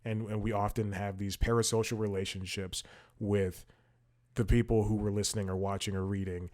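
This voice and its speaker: A man with a somewhat low voice talks through his thoughts in a loose, casual podcast style. He rambles, restarts his sentences and leans on fillers while he scrolls through something as he speaks. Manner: multitasking while talking, scrolling. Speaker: podcast host. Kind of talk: casual commentary.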